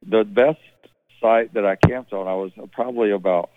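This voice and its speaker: A man from Mississippi, telling rambling, relaxed stories in a phone interview. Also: lowish voice, normal speed, no echo. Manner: rambling, relaxed, with many restarts. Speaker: musician guest. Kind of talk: phone interview, casual storytelling. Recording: dry, tinny phone line.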